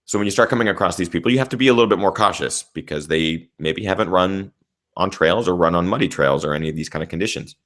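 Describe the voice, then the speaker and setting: A young man with a notably low, deep voice tells a race story with animated energy. His recap is casual and loose, and he swears without holding back. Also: quick pace. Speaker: trail runner and channel host.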